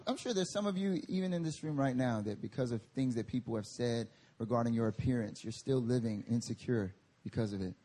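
A male pastor preaching a sermon at a church service, telling animated stories and laughing through them. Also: medium pitch, husky.

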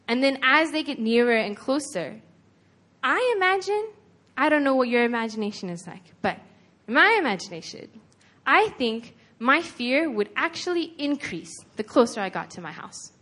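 Woman preacher, slightly high voice, casual and earnest, chatty sermon delivery. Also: very animated, normal speed, pushed and bright. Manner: conversational, earnest, retelling scripture with frequent "like".

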